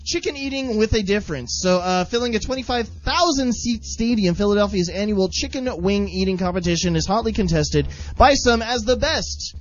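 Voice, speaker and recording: Man, very high voice, lively, joking podcast banter, dull lo-fi sound. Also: normal speed, few pauses. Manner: joking, trading mock Irish slang. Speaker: podcast co-host. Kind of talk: casual chat.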